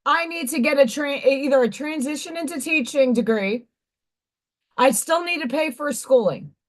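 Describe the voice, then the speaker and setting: Hoarse, high-voiced woman venting bluntly. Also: normal speed. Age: 40s. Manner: blunt, profane, exasperated venting. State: hoarse, voice partly gone. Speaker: livestream host. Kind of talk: casual venting livestream chat.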